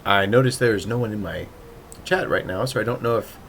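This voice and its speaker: A man's voice: fairly low pitch, a little fast, gravelly, a bit bright, slight background noise. A man hosting a casual writing livestream, thinking aloud and muttering to himself as he works.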